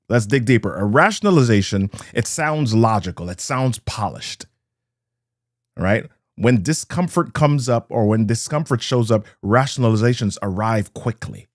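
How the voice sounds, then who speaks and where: A man with a lowish voice delivers a motivational talk in measured, rhythmic phrases. He repeats his key lines for emphasis and now and then greets viewers by name. The sound is close and dry, with no room echo. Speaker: motivational speaker. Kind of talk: live-streamed motivational talk.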